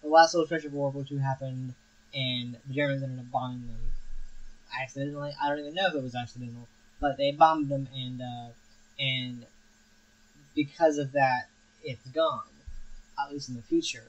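A man's voice: mid-range voice, steady tone, moderate pace, dull audio. A young man hosting a film review show, talking casually and rambling with frequent restarts and fillers.

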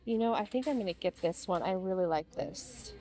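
A woman's voice: medium pitch, lively intonation, fairly quick, dark tone, soft background music. A young woman filming a store walk-through for her vlog, gushing and gasping with delight at what she finds. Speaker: vlogger. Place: inside a large retail store.

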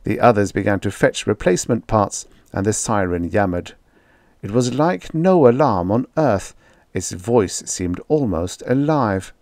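A man reads a science fiction story aloud as an audiobook narrator, in a low-pitched voice. His delivery is steady and dramatic, scripted narration paced for tension. The sound is dry and close to the mic. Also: unhurried, no echo.

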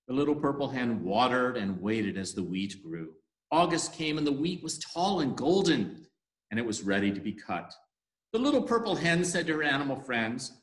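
A man leading worship, telling a story for all ages with animated storytelling, in an echoey room. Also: mid-range voice, normal speed.

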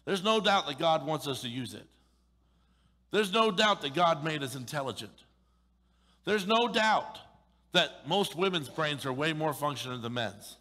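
A middle-aged man preaching a sermon in a church, joking and animated, with playful acted asides. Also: a little high, measured pace. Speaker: pastor. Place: church sanctuary. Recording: long reverb of a large hall.

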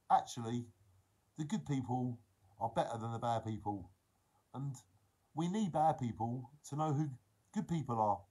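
A man's voice: medium pitch, a little mellow, breathy edge. A man, chatting casually to his viewers during a livestream, reading out their comments and encouraging them. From England. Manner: earnest, encouraging, emphatic.

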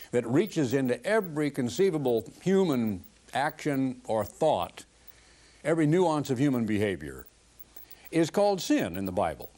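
A man's voice: a little high, a little mellow. An older man giving a televised sermon in an earnest, conversational preaching manner.

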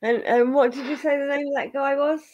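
A woman hosting a casual chat, relaxed and joking, acting out quoted reactions. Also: sits high, brisk, muffled recording. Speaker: host.

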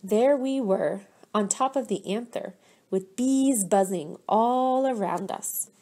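A woman teacher reading a picture book aloud to children, gently stopping to ask them questions. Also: mid-range voice. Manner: slow, gentle, pauses to quiz children.

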